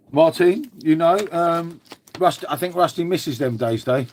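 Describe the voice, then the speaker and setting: An Englishman with a fairly high, unhurried voice hosts a casual live stream from home. He rambles chattily, swears now and then, and answers his chat.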